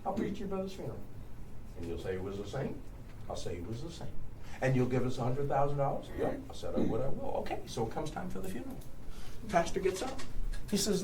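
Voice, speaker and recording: A man leads a conference workshop and tells jokes and stories to the room, laughing as he goes. His pitch climbs and falls in a lively way. He is picked up from a distance, with steady noise around him. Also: fast. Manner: animated storyteller, laughs often. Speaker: workshop presenter. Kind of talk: conference workshop talk with audience. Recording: distant mic in a noisy room.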